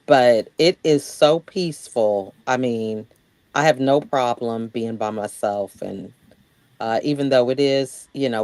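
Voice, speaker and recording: A woman speaks slowly and agreeably in a casual audio chat, reflecting at length with a mid-range voice. The sound is dry and close. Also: rumbling low, darkish tone, no room sound. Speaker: social audio room participant.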